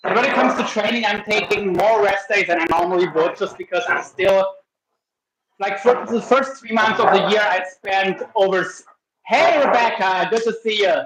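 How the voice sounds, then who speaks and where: He speaks in a high, unhurried voice with long pauses, rambling casually on a livestream as he cooks in his home kitchen alongside his dog. Sentences get restarted, and background noise is audible.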